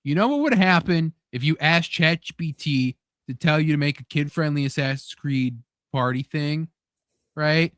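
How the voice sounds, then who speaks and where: A man's voice: a little high, normal speed, fairly bright tone, no echo, clean studio sound. A man hosting a casual podcast chat, rambling and swearing, laughing often. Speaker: podcast host.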